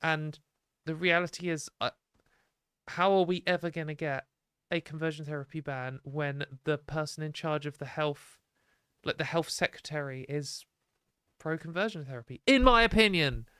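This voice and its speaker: A woman's voice: low-pitched, fairly even intonation, normal speed, fairly bright tone, smooth, no room sound, studio quality. A young British woman hosting a livestream, ranting in exasperated, sweary, sarcastic commentary. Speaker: livestream host.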